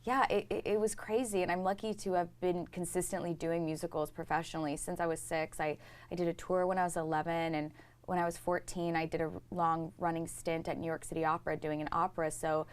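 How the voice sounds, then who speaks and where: A woman's voice: lowish voice, level tone, clear, resonant tone. A young woman from Texas, a stage actress chatting as an interview guest in a bubbly, joking way. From Houston, Texas. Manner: bubbly, chatty, quick to joke and laugh. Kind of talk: casual interview chat.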